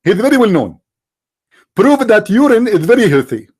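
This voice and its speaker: A man's voice: high-pitched, very animated, normal speed, a little mellow, slightly rough, exaggerated voice. A man doing a smug preacher posing as doctor. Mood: mock-pious.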